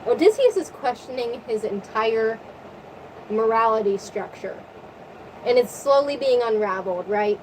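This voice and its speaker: A young woman retelling a story in casual, crude, excitable slang. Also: fairly high pitch, unhurried. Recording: distant mic with faint vehicle noise.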